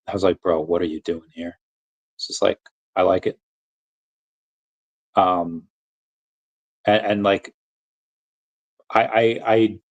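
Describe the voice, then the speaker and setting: American guy rambling on a stream, kinda low voice, lots of restarts. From United States. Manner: rambling, many restarts and fillers. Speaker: livestream host answering chat. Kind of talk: casual livestream chat.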